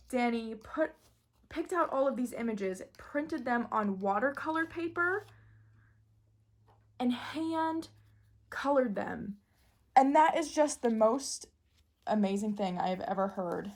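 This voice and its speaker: A woman in casual, excitable chat, gushing and giggling as she shows off a new deck. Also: a little high. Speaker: tarot deck reviewer.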